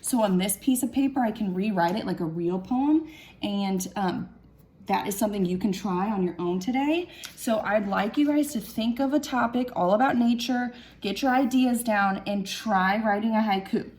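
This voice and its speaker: A woman's voice: medium pitch, normal speed, darkish tone, slight background noise. A young woman teaching a writing lesson to children, thinking aloud and counting syllables patiently.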